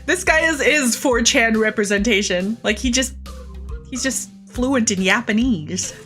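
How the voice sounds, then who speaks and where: A young woman chats casually while streaming a game, laughing at herself and swearing freely. Her voice is fairly high, and quiet music plays beneath it. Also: a little slow. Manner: giggly, swears a lot, self-deprecating. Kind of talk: casual gaming stream chat.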